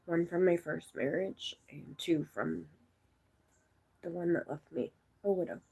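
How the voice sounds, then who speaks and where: A woman's voice: on the low side, steady tone, a little slow, gravelly, a little mellow, breathy edge. A woman in her forties from the United States, chatting casually on a live stream, rambling through stories and answering viewers' comments. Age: 40s.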